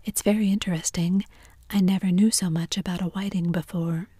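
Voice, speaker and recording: A woman voicing a polite, curious young girl in a soft, wondering whispered role-play. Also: lowish voice, steady tone, a little fast, slightly rough, dry recording, studio quality.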